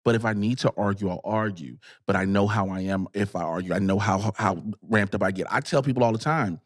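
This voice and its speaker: A man's voice: on the low side, a little fast, dry recording, studio quality. A man guesting on a podcast, chatting casually in a candid, emphatic way and repeating phrases for effect.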